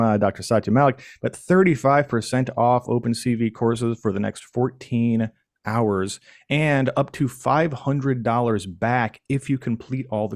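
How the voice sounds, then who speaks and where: A man from Michigan hosting a live stream, chatting casually and jokingly with the audience and pausing often on fillers. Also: medium pitch, a little mellow, no room sound, studio quality. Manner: playful, jokey, chatty with frequent fillers. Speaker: livestream host.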